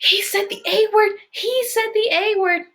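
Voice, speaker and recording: A woman reading aloud, voicing a whiny six-year-old boy who acts tough, in a high, tearful voice. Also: expressive, measured pace, sharp tone, heavily acted. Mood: gleeful taunting.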